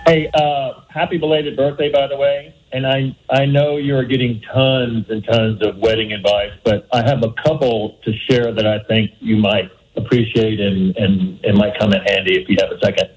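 Male caller, earnest, friendly, advice-giving, middle pitch. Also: little pitch movement, normal speed, hardly any pauses, poor audio. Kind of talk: phone-in advice.

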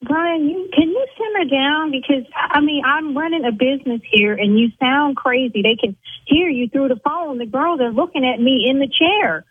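A woman who owns an eyelash salon, arguing indignantly on a phone call, her voice climbing high when she gets angry. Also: expressive, normal speed, a little hiss or hum. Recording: tinny phone line.

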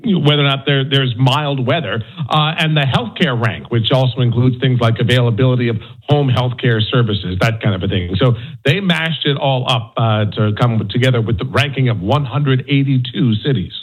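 Male radio correspondent, average pitch, explanatory, filler-heavy delivery. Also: moderate pace, few pauses, breathy edge, poor audio. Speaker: national correspondent. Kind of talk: radio interview, explaining rankings.

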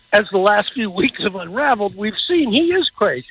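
A man giving casual football insight as a radio guest, halting and repeating words as he talks. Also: high-pitched, wildly swooping pitch, breathy edge, no echo, dull audio. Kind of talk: casual sports talk on radio.

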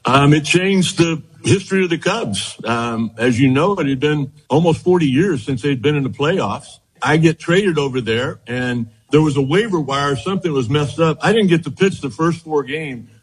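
A man in his sixties, a former pitcher, telling lively anecdotes in an interview and acting out the quotes. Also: moderate pace, hardly any pauses, husky, low-quality recording. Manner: animated anecdotes, repeats words, acts out quotes. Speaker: former baseball pitcher, guest. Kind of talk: storytelling interview.

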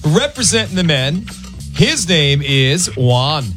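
A man's voice: on the high side, very animated, over music. A man hosting a morning radio show, joking and laughing through casual banter. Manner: jokey, quick, laughs often.

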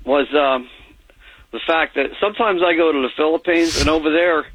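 A man calling in to a radio show, talking hesitantly with halting restarts. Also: fairly high pitch, a bit bright, a little hiss or hum. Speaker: caller. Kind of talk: phone-in call. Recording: dull phone line.

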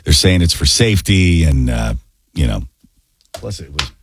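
A man's voice: a bass voice, animated, moderate pace, breathy edge, no room sound, clean studio sound. A male radio DJ chatting casually between songs, with plenty of fillers.

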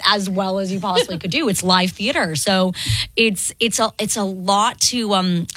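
A woman's voice: mid-range voice, normal speed, fairly bright tone, slight background noise, poor audio. A woman chatting as a guest on a radio show, laughing often and filling her talk with "like" and "um". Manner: chatty, laughing, many fillers. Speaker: guest performer. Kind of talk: casual radio interview chat.

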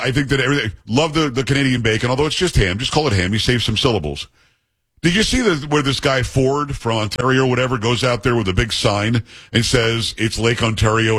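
A man's voice: medium pitch, animated, fairly quick, fairly bright tone, breathy edge, dry recording. A middle-aged man hosting a talk show, chatting casually with a joking, teasing manner. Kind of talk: casual talk radio monologue and banter.

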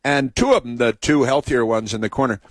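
A man's voice: medium pitch, brisk, dry recording. Man, talk show host, meandering storytelling, lots of restarts, dry close sound. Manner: meandering, full of restarts and asides. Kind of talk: rambling storytelling and political commentary.

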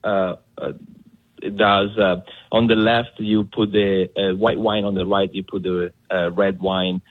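An Italian-accented man on a slightly muffled line, speaking low and pausing often with fillers. He sounds friendly as he explains his work as a wine expert. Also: level tone, no room sound. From Italy. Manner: warm, hesitant with fillers. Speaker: caller, sommelier. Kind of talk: casual phone chat.

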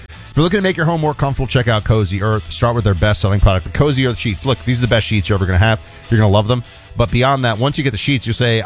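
A man co-hosting a talk radio show, joking in casual banter and reading ads in his own voice. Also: mid-range voice. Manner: joking, animated. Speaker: co-host.

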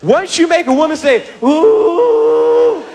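A man performs stand-up comedy in a high-pitched voice at a quick pace. He's energetic and talks directly to the women in the audience.

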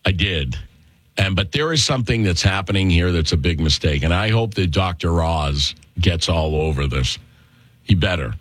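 Man, talk radio host, political commentary, sarcastic, mocking pitch jumps, low voice, dry studio sound. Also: expressive, moderate pace, no echo.

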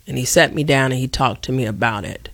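A middle-aged woman from Chicago hosting a solo radio talk show, speaking with impassioned, deliberate emphasis like a preacher. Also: a bass voice, no echo.

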